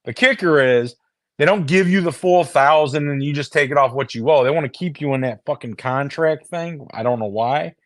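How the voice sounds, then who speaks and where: A man's voice: on the high side, normal speed, no room sound, studio quality. Foul-mouthed man chatting to viewers. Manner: heavy swearing, restarts and repeated words. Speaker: streamer talking to viewers. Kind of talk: casual rambling chat. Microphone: phone.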